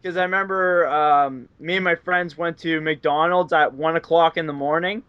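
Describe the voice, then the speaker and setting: A man appears as an interview guest, casually telling rambling stories stuffed with fillers and laughing often. His pitch is fairly high, his intonation fairly even, and his voice smooth at a normal speed. The audio is dull and dry.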